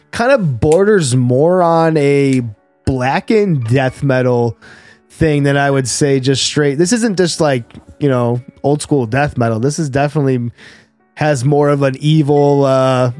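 A man's voice: mid-range voice, a little mellow, dry recording. A man co-hosting a casual podcast, jokey and profane, laughing often as he talks about movies and metal. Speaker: podcast co-host. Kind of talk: casual chat.

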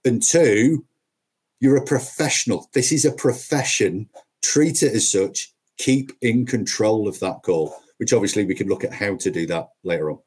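Husky, emphatic man telling a sales story. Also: lowish voice, moderate pace, a little mellow. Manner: emphatic, punchy repetitions. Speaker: podcast guest, sales trainer. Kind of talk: conversational storytelling.

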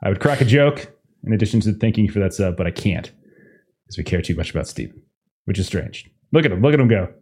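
Very deep-voiced game master. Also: male voice, lively intonation, fast talker, darkish tone, slightly rough. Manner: swears casually, mock-stern. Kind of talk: game master recap and table banter.

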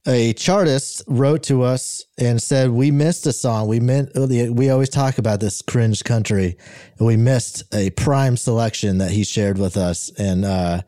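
A man's voice: medium pitch, a little slow, mellow, no room sound. A man co-hosting a comedy podcast, recorded close and dry. He rambles cheerfully through stories, amused by his own telling. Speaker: podcast co-host. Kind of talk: casual comedy chat.

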